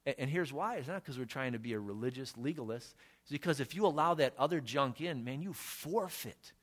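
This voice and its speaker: A middle-aged man preaching a sermon as pastor, conversational and earnest, slowing on key phrases and rising to emphatic peaks. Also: medium pitch, lively intonation, fairly bright tone.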